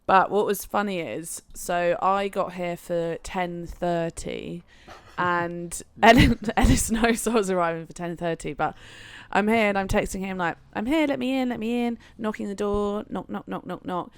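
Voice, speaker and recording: A young woman co-hosting a podcast from a friend's house, telling a story in a giggly, animated way. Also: medium pitch, normal speed, clean tone, dry recording. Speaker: podcast co-host. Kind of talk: casual chat.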